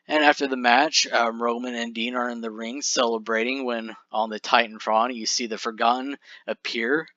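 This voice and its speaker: A man's voice: mid-range voice, steady tone, moderate pace, few pauses, pushed and bright, dry recording. A man casually recapping a wrestling simulation game with rambling fillers, recorded on a desk mic in a dull, dry sound. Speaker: game commentator.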